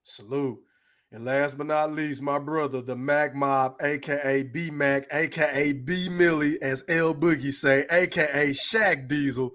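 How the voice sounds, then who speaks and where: A man hosting a podcast, closing the show with relaxed shout-outs to his guests and chat. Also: on the high side, unhurried. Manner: laid-back, shout-out heavy sign-off. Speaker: podcast host. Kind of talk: casual podcast outro.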